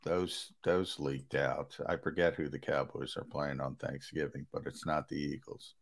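A man with a very low voice co-hosting a sports talk show. He talks conversationally and hedges a lot, then breaks into emphatic bursts when he gets going. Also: level tone, normal speed. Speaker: sports radio co-host.

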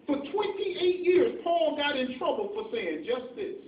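A man's voice: very high-pitched, big pitch swings, measured pace. A man preaching an impassioned, pleading sermon, firing off rhetorical questions at his congregation. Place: church sanctuary. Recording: echoey church, far from mic, tinny phone-like sound, faint noise.

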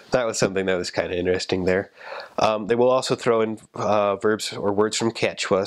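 Young man, low voice, chatty advice. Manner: chatty, laughs at his own stories. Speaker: returned missionary. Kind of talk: casual advice talk.

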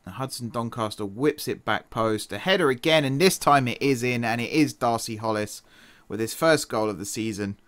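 A man giving relaxed play-by-play on a football game he is streaming, chatty and quick to correct himself. He sounds tired from an early start, with a mid-range voice recorded dry and close. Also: no echo. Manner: chatty, self-correcting, quick laughs, shifts from excited to low mutters. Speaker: gaming streamer. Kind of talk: casual game commentary.

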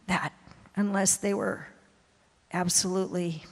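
A woman missionary preacher telling a confessional story in a sermon, swinging from hushed to loud. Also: lowish voice, unhurried. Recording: long hall reverb.

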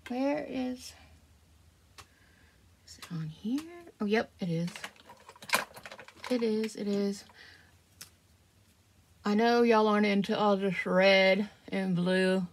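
Chatty woman with a gravelly voice. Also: medium pitch, slow, long pauses, slight background noise. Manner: chatty, rambling, self-deprecating. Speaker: vlogger. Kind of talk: casual get-ready-with-me chat.

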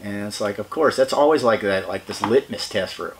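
A man's voice: lowish voice, fairly quick. A man talks loosely as an interview guest, rambling from one thought to the next and laughing along the way. He swears freely. A faint background noise sits under his voice. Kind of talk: casual chat.

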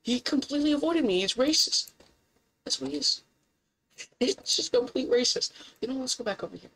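A woman giving casual gameplay commentary, excitable and incredulous, swearing often and jumping up in pitch when surprised. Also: brisk, slight background noise, rough recording.

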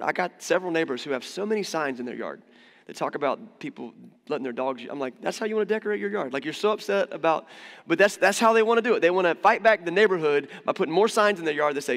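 A man preaching a sermon as pastor in a church, conversational and animated, acting out quoted voices. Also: fairly high pitch. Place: church hall. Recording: long church reverb.

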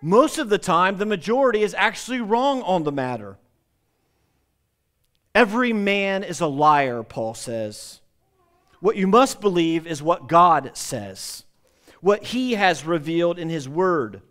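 Emphatic preaching man, slightly high voice. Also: very animated, measured pace, fairly bright tone. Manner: emphatic preaching with repetitions and restarts. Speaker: pastor. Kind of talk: sermon.

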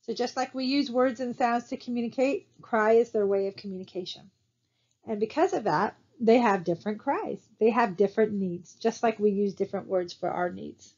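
A woman with a fairly high voice records a lecture over her slides. She talks in a conversational way and often stops to ask her students rhetorical questions. The recording sounds somewhat dull and lo-fi. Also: normal speed, a little mellow. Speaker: college instructor.

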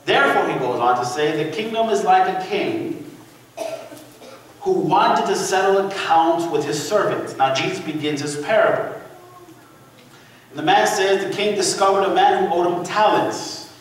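A high-pitched man preaches a lively sermon, telling the story in an animated way and calling on the congregation to answer him. His voice rings through a big echoey church hall, and the mic sits some way off. A faint room murmur hums underneath. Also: normal speed, recorded from a distance. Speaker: pastor. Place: church sanctuary.

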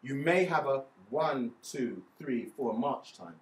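A man's voice: medium pitch, animated, slow pace. Patient man teaching, echoey room. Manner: patient, counts beats aloud, frequent "okay?" checks. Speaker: music teacher. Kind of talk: explaining hymn music theory step by step. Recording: echoey room, voice a bit far from mic, faint ambience.

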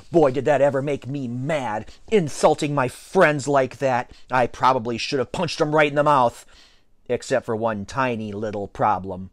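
A man reading a children's book aloud as first-person narration, in an expressive storytelling manner. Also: medium pitch, normal speed, no room sound, clean studio sound. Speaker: audiobook reader.

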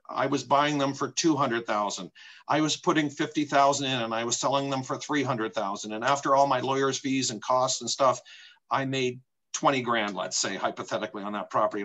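A man's voice: medium pitch, bright, forceful tone, poor audio. A middle-aged man from Canada, a real estate agent presenting a homebuying talk in an opinionated, emphatic way, using rhetorical questions and repetition.

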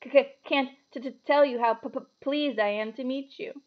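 A man's voice: extremely high pitch, fairly even intonation, slow, highs cut off, pitched above the performer's own voice. A woman reading aloud and voicing a pale, nervous young male teacher who stammers heavily and sounds timid. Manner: heavy stammer, jittery and timid.

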